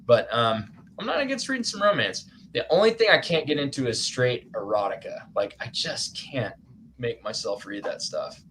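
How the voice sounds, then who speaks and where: A man's voice: mid-range voice, big pitch swings, moderate pace, fairly bright tone, a little hiss or hum. A man hosting a casual live-stream chat, rambling and self-conscious, laughing often and restarting his sentences. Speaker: host.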